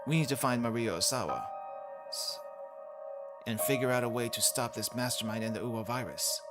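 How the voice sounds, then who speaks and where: A man's voice: mid-range voice, normal speed, music in the background, close to an everyday voice. A man voicing a determined, earnest young detective in his own plain voice.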